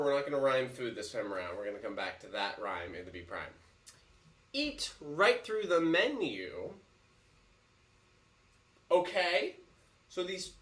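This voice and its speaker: Male musical theatre teacher, animated and unhurried, sings examples; echoey room. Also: a little high, recorded from a distance. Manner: animated, breaks into singing lines. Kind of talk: song analysis with sung examples.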